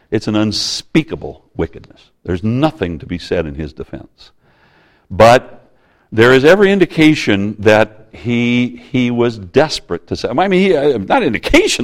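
A man preaching a sermon in a conversational way, often restarting his sentences and acting out quotes. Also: on the low side. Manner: conversational, animated, with many restarts and acted quotes.

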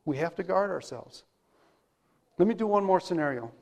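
A man's voice: sits high, lively intonation, moderate pace, gravelly, darkish tone. A man preaching a sermon in a conversational way, telling everyday stories and asking rhetorical questions.

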